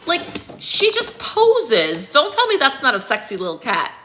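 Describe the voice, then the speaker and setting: A woman's voice: sits high, wildly swooping pitch, unhurried, bright, forceful tone. A woman gushing bubbly about her cats in casual livestream chat. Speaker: livestream co-host. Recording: echoey room with faint noise.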